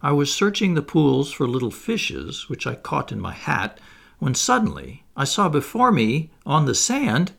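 A man reading the part of a kindly but pompous old lord, complaining in a gravelly, husky voice that swoops up and down. He sounds sorry for himself and puffed up with importance. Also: fairly high pitch, huge pitch swings, a little slow, fairly bright tone, pitched above the performer's own voice, heavily acted. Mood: plaintive. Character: elderly male aristocrat, kindly and pompous.

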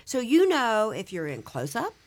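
A woman with a Southern accent, a guest actress telling lively, self-deprecating stories in a casual interview. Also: on the high side, moderate pace. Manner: animated, self-deprecating anecdotes.

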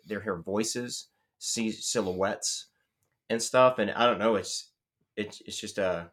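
A man with a somewhat low voice talks casually on a podcast, rambling and hesitant. He restarts his sentences and fills gaps with ums and likes. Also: takes it slowly. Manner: excitable, laughs often when telling the story.

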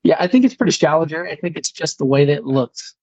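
A man's voice: a little high, animated, fast, a little mellow, no room sound, dull audio. A man from Utah, a guest on a podcast, chatting in a hesitant, self-deprecating way. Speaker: guest caller. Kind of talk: casual podcast chat.

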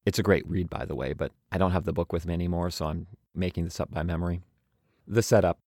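Young guy reading his travel diary, deep voice, dry close sound, joking at himself. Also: steady tone, fast, a little mellow, no room sound. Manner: wry, self-mocking. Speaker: travel podcast narrator. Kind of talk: reading a travel journal aloud.

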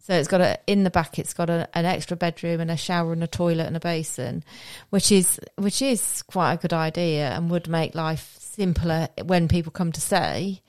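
A chatty woman co-hosting a casual podcast. Her voice sits a little low for a woman and is recorded dry and close. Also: moderate pace, hardly any pauses, a little mellow, no room sound. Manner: chatty, laughs often. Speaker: podcast co-host. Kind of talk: casual chat.

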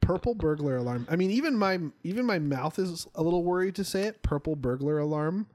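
A man co-hosting a podcast in casual chat, enthusiastic and quick to laugh. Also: a little high, expressive, a little mellow. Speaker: podcast co-host.

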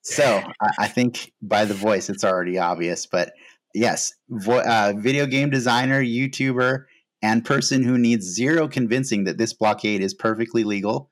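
A man hosting a podcast in casual chat, relaxed and hesitant, with frequent fillers. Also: fairly low pitch, moderate pace. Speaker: podcast host.

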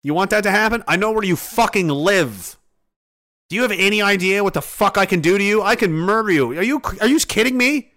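A man's voice: high voice, expressive, fairly quick, bright, forceful tone. A Canadian man on a live stream, ranting angrily about politics in a profane, heated way. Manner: profane, heated, mocking voices of others. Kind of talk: angry political rant.

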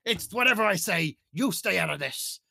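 A man's voice: sits high, lively intonation, normal speed, vocal fry, bright, forceful tone, no room sound, clean studio sound, full character voice. A man putting on a hammy pirate captain voice, growling "arr" as he reads out a list. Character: gruff male pirate captain reading a store list. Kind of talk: goofy pirate voice bit.

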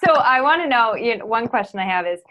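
A woman's voice: on the high side, lively intonation, fast, bright, forceful tone, lo-fi sound. Woman hosting a chatty podcast, joking around, laughs a lot. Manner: playful, laughs easily, asks questions. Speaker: podcast host. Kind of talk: casual podcast interview.

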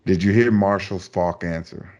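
Man, very deep voice, casual sports host, rambling, leading questions. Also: steady tone, moderate pace, darkish tone, highs cut off. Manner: rambling, repeats himself, asks leading questions. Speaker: podcast host.

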